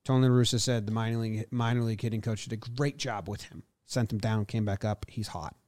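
A man's voice: on the low side, steady tone, fast talker, darkish tone, no room sound. A man co-hosting a casual sports podcast, playful and jokey as he rattles off stats. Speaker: podcast co-host.

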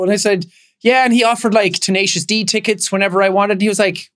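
A man's voice: high voice, quick pace, fairly bright tone. A man in his thirties co-hosting a podcast, joking and laughing often in casual chat. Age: 30s. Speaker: podcast co-host.

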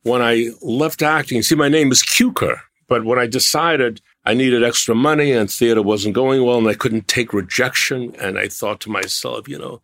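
An older man, a guest on a talk show, telling long, animated anecdotes about his own past. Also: medium pitch, normal speed, hardly any pauses, dry recording, studio quality. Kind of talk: anecdotal storytelling.

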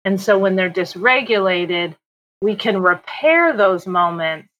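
A woman's voice: medium pitch, animated, unhurried, fairly bright tone, highs cut off, slight background noise. A middle-aged woman psychologist, a podcast guest, explaining earnestly and checking in often with "right?". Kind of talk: casual conversation.

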